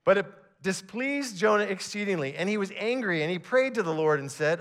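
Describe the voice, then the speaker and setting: Male pastor, high voice, animated preacher who reads scripture aloud and stumbles over a few words. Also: moderate pace, hardly any pauses. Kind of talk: sermon.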